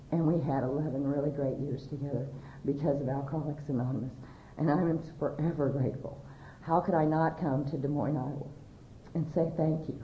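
Low-voiced woman testifying in an echoey hall. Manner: emotional and candid, laughing often, voice rising high when excited. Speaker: speaker sharing her story at a recovery convention. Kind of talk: personal testimony to a large audience. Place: large convention hall. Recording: echoey hall, dull lo-fi sound, faint noise.

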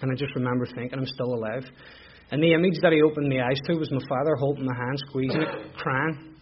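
A man's voice: mid-range voice, steady tone, fast, a little hiss or hum. A middle-aged man with a Belfast accent, candidly telling his own recovery story as personal testimony, with emotional repetitions. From Northern Ireland. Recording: dull lo-fi recording.

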